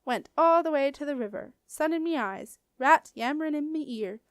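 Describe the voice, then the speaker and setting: A woman's voice: high voice, lively intonation, moderate pace, no room sound, studio quality, pitched above the performer's own voice. Woman doing a grumpy mud-dwelling Bogart. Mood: grumbling. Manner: gruff, rustic, complaining.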